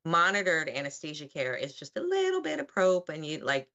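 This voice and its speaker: A woman with a low voice and a bright, forceful tone talks casually as a podcast guest. An operating room nurse, she explains medical terms in a chatty, matter-of-fact way. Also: wildly swooping pitch, brisk, dull audio. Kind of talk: casual chat.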